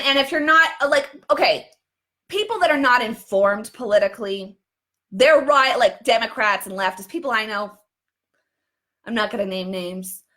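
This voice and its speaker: A woman's voice: sits high, bright, forceful tone. A woman hosting live political commentary, talking in a fervent rant full of restarts and repeats. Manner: fervent, repetitive, many restarts.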